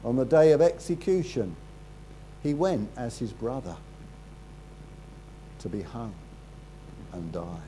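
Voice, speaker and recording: A man preaching a sermon, telling a story in a halting way, repeating words and dropping quiet at solemn moments. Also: mid-range voice, animated, slight background noise, low-quality recording.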